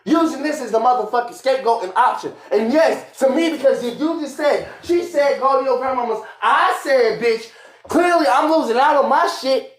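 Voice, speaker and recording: A young man arguing angrily and profanely with his partner on a live stream, repeating himself and shouting. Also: extremely high pitch, normal speed. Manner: angry, profane, repetitive shouting. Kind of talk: heated argument on a live stream. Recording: echoey room.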